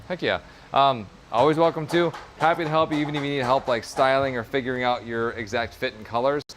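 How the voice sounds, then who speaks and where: A man of ordinary pitch talks casually on a crafting livestream, upbeat and encouraging to his viewers. He rambles with fillers as he works. A faint hiss sits under his voice. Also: a little fast, a bit bright. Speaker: streamer and leather crafter.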